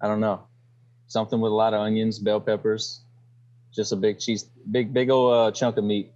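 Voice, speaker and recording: Low-voiced man with a Louisiana accent. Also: level tone, moderate pace, darkish tone, lo-fi sound. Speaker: podcast guest. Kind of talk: casual chat.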